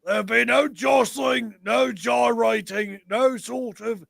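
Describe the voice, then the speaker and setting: A man's voice: extremely high pitch, slow, gravelly, a crowd in the background. A man joking around in casual banter as a regular on a radio show. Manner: silly, joking.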